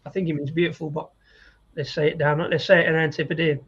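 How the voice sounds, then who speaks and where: Man, husky voice, repeats himself, muffled lo-fi audio. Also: a little high, little pitch movement, quick pace, fairly bright tone. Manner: repeats words as he thinks aloud. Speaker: beer reviewer co-host. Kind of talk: casual chat.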